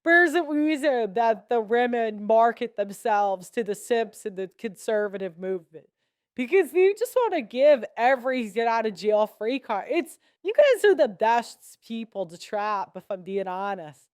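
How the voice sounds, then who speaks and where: A woman's voice: a little high, sing-song, measured pace, a little mellow, no echo, studio quality. A young woman giving blunt, sarcastic commentary as a podcast host, laughing between points. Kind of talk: casual opinionated commentary.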